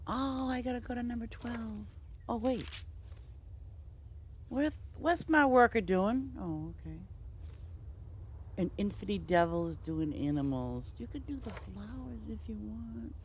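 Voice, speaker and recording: A woman's voice: fairly high pitch, animated, a little slow, long pauses, slight background noise. A woman streaming a farming game, chatting casually with her viewers and laughing often. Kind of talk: casual live-stream chat while playing.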